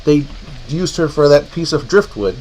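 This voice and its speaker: A man's voice: fairly high pitch, normal speed. A male horror movie host joking through live-stream banter. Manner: jokey, playful, lively asides.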